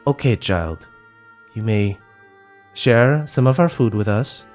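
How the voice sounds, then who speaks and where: A man voicing an older female goblin leader who speaks in a measured, protective, commanding way. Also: lowish voice, lively intonation, darkish tone, faint music behind.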